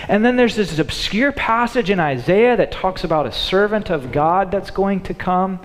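A man preaching a sermon in an animated way, acting out the thoughts of the people in his story. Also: sits high, normal speed, few pauses, slight background noise. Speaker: pastor. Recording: long hall reverb.

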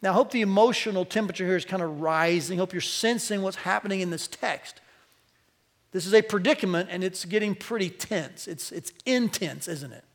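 A male pastor preaching a sermon to a church congregation, animated, his voice climbing as he quotes. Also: high-pitched, fairly quick. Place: church sanctuary.

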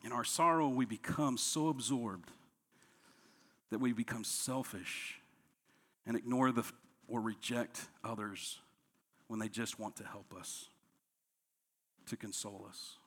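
A man, a pastor, preaching a sermon, dropping to soft, low lines and rising when he acts out quoted complaints. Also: a little slow, pauses often. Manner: preaching with strong swings between soft, low lines and raised, higher quoted outbursts.

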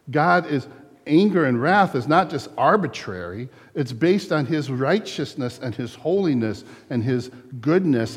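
A middle-aged man, a pastor, preaching a sermon in a relaxed conversational way, with small laughs and acted asides. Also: medium pitch, in a large hall. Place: church.

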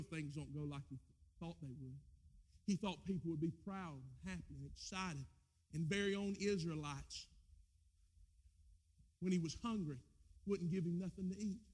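Male pastor, high voice, impassioned church sermon with big swings in volume. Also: breathy edge. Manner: impassioned preaching, swinging between shouts and low asides. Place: church with a screen.

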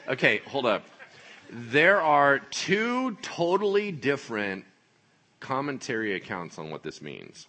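Male pastor, husky and bright-toned, animated sermon delivery with playful asides. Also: mid-range voice, slow. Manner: animated, joking, acts out voices.

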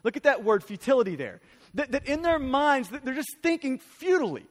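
Male preacher, very high pitch, emphatic sermon, reverberant sanctuary. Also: sing-song, brisk. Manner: emphatic, urgent preaching with repeated phrases. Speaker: pastor. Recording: long hall reverb.

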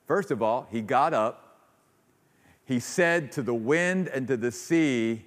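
Slow and expressive, a man preaches as pastor, earnestly voicing the people he quotes with a rising pitch, and then closes in prayer. The church sanctuary lends a long, large-hall reverb.

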